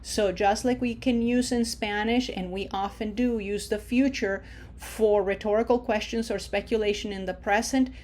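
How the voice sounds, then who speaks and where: A woman's voice: medium pitch, fairly even intonation, moderate pace, darkish tone. A woman teaching a recorded language grammar lesson, explaining step by step and drawing out the model words carefully. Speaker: Spanish teacher.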